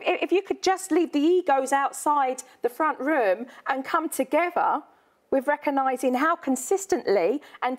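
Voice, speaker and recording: A fairly high-voiced woman hosts as a parenting expert. She talks in a direct, probing way, coaching parents and children. She often repeats her phrases for emphasis.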